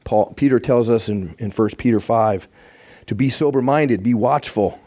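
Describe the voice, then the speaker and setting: A man's voice: mid-range voice, moderate pace, dark tone. A man teaching a sermon on the teaching team in an earnest, emphatic way. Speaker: church teacher.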